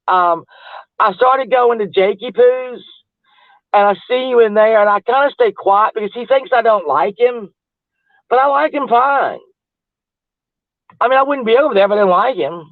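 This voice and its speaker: A woman's voice: mid-range voice, animated, measured pace, pauses often, no echo. A woman livestreaming, chatting casually with viewers in a gossipy, rambling way and laughing often. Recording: tinny phone-like audio, dry.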